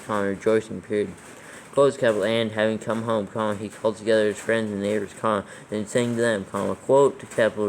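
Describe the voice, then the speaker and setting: A man's voice: on the low side, a little hiss or hum, rough recording. A man dictating scripture aloud for proofreading, steadily reading the text and naming every comma, capital and quote mark.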